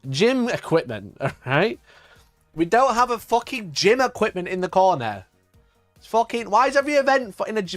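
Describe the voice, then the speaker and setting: A man hosting a casual live stream, with a high voice that swings widely up and down as he rants in mock outrage. He swears freely and breaks into laughter between points. The sound is dry and close, with faint music underneath. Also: fairly bright tone, no echo. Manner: swears a lot, laughs often, rants and reads chat aloud; mock outrage, voice jumps up when worked up. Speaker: livestream host.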